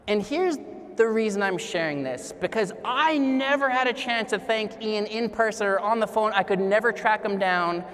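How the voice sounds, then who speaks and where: High-voiced man speaking in a hall. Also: normal speed, a bit bright. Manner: storytelling, addresses audience with questions. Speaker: keynote speaker. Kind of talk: motivational keynote speech. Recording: long hall reverb.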